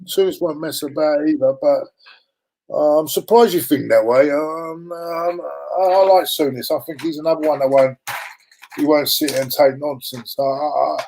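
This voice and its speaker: Animated man with a mellow voice. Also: a little high, normal speed, low-quality recording. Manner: animated storyteller, mimics fans, exclaims. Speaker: guest on a live chat show. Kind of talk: casual football chat.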